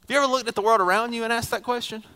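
A man preaching from the pulpit, his voice sitting high for a man. He tells stories in a chatty way and keeps turning to the congregation with questions. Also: fairly even intonation, rapid-fire, sharp tone, clean tone. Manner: conversational storytelling, rhetorical questions to the congregation. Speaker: pastor. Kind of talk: sermon.

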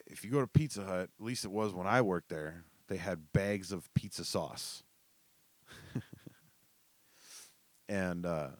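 A young man telling casual, profane stories that ramble along, with laughter and quick bursts. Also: low-pitched, no room sound. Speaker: storyteller. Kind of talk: casual storytelling.

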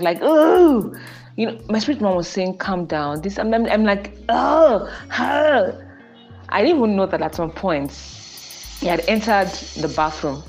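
A young woman with a Nigerian accent talks through faith and marriage in a casual solo podcast. Her voice sits a little low, and she presses her points with earnest, repeated warnings. Faint music plays softly underneath her. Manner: earnest, preachy, animated with emphatic repetition. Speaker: podcast host.

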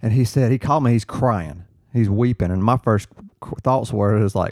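A man, a firefighter guest, telling an earnest story in casual chat, halting and restarting as he quotes what others said. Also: fairly low pitch, darkish tone, no room sound, studio quality.

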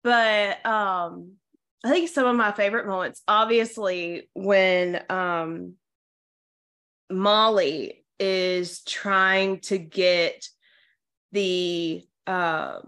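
A young woman co-hosting a podcast, chatting casually, hesitant with many pauses and laughs. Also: medium pitch, fairly even intonation, fairly bright tone, clear, resonant tone. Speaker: podcast co-host. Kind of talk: casual chat.

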